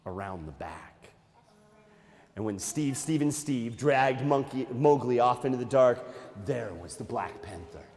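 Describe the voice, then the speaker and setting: A man, a nature museum educator, telling a story to children in a playful, animated way and talking straight to the kids. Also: medium pitch, moderate pace, in a large hall.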